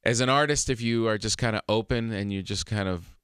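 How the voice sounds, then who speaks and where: A man guest on a radio show, chatting casually and telling animated stories, laughing often, in a studio. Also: on the low side, a little fast, clear, resonant tone, no echo. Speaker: comedian guest. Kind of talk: casual interview chat.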